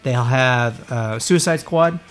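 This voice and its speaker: A man hosting a casual pop-culture podcast, talking in an excitable, rambling way. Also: mid-range voice, takes it slowly, faint music behind. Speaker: podcast host.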